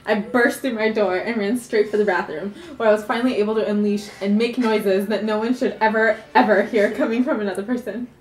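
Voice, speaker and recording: A woman telling a comic story about her own life, animated and often laughing as she goes. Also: mid-range voice, fairly quick, few pauses, roomy sound.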